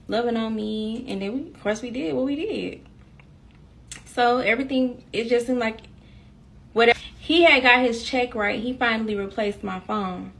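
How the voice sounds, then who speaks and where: A woman telling a personal story in a casual chat to her viewers, talking straight to them and acting out the dialogue as she goes. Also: fairly high pitch. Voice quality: animated, African American Vernacular English phrasing. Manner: chatty, addresses viewers as y'all, acts out quoted dialogue.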